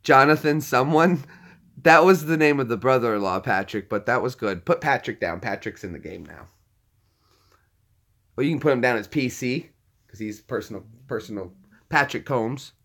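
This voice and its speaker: A man's voice: medium pitch, normal speed, a bit bright. A man hosting a casual live-stream trivia game, teasing players and laughing often as he reads their answers. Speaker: trivia host.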